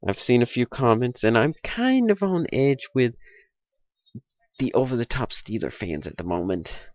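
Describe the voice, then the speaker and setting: A man talks at a home computer in a loose, rambling monologue, mocking himself and sliding into mock-indignant rants. His voice sits at an ordinary middle pitch. The audio is dry and a little muffled, like a cheap lo-fi mic. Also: dry recording. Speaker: video host giving sports picks.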